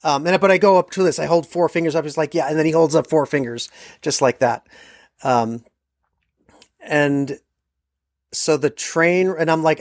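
An animated podcast co-host spins a casual travel story and slips into the voices of the people in it. The sound is dry and close, with no room around it, and the voice sits at a middle pitch. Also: moderate pace, pauses often, dry recording. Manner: animated anecdote telling, acts out quoted lines.

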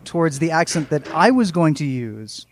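A man's voice: on the high side, very animated, normal speed, slight background noise. Wry, long-winded male podcast co-host. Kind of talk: casual podcast chat. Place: home balcony.

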